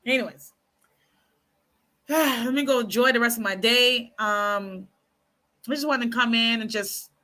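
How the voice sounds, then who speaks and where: Speaking a little high and unhurried, with frequent pauses, a woman chats casually to her viewers. She gives frank dating advice and tells animated stories packed with asides, calling her audience "y'all" and "ladies."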